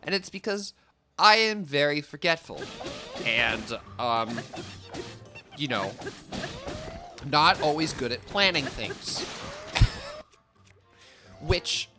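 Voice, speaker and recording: A man's voice: on the high side, wildly swooping pitch, drawn-out words, pauses often, over music. A young man chatting casually while he streams a game, rambling with many fillers and swearing now and then at what happens on screen. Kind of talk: casual chat while gaming.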